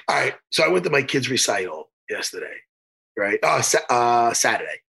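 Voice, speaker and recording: Raspy, animated man telling a rambling story. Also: medium pitch, moderate pace. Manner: rambling, profane, stammering restarts; animated, laughing bursts. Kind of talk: casual comedic storytelling chat.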